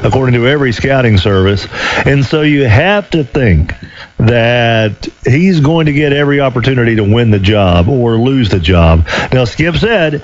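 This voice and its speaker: A man in his sixties hosting a sports talk call-in radio show, chatty and quick with joking asides between callers. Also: medium pitch. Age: 60s. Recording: dull lo-fi radio broadcast.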